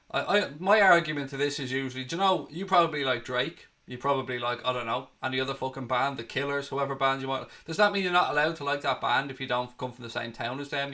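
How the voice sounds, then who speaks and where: A man from Ireland hosting a fan channel, giving excitable, blunt and sweary live watchalong commentary on a match. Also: medium pitch.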